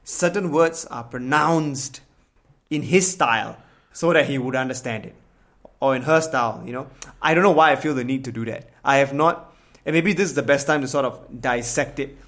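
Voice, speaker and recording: A man's voice: mid-range voice, moderate pace. A man from Singapore with a Singaporean English accent, co-hosting a casual podcast chat and telling stories candidly. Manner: animated, storytelling, candid.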